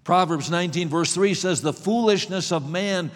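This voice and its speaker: A male preacher with a high voice delivers a sermon at a slow, emphatic pace, often repeating the opening words of a phrase before he lands it. His voice rings out with a long reverb, as if filling a large hall.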